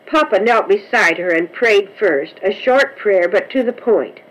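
Slow gentle woman storyteller. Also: medium pitch, lively intonation, rough recording. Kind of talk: storybook narration.

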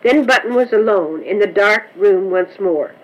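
A woman reading a children's story aloud in a gentle, measured way. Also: mid-range voice, rough recording. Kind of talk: storybook narration.

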